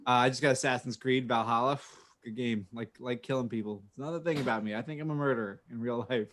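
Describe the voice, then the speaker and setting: A podcast co-host with a medium-pitched voice talks fast, telling a rambling, profane story and laughing often. He's chatting casually from his home office over a video call mic.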